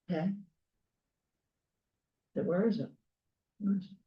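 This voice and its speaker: A woman guest speaker telling personal stories to a group, earnest and clearing her throat often as her voice gives out. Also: medium pitch, measured pace, pauses often, dark tone. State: losing her voice. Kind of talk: personal storytelling talk. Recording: roomy, distant, dull lo-fi sound.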